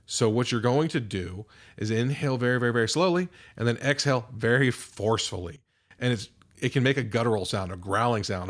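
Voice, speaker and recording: Middle-aged guy, mental performance coach, podcast style, encouraging and talks you thru breathing. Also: medium pitch. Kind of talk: podcast instruction.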